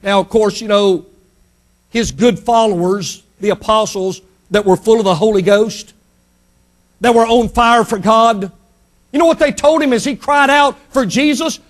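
A male pastor delivering a Sunday sermon to his church, emphatic, dropping soft and then rising loud. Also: extremely high pitch, moderate pace.

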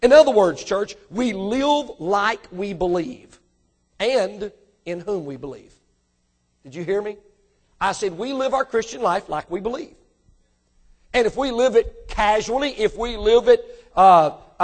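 A man preaching a sermon to his congregation, emphatic and direct, asking them questions and rising into animated bursts. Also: sits high. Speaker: pastor.

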